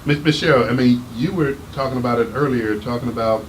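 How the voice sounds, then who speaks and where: A man hosting a casual talk show, animated and emphatic, teasing his guest. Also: mid-range voice, fast, a little hiss or hum, poor audio. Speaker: host. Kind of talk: casual chat.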